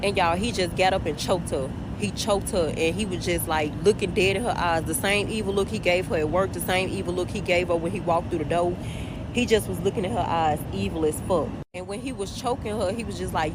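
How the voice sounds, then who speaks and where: A woman's voice: medium pitch, a little fast, background noise. Woman telling a story from her car. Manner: conversational, addresses listeners as y'all, swears freely. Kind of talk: casual storytime.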